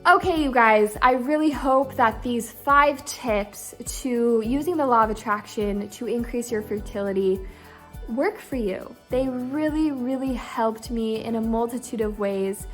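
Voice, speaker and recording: A young woman talks to her viewers in an upbeat, chatty vlog, pitched a little high. She slips into little acted-out voices as she talks, with soft music playing faintly behind her. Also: measured pace. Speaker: lifestyle vlogger. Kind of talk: casual talk to camera.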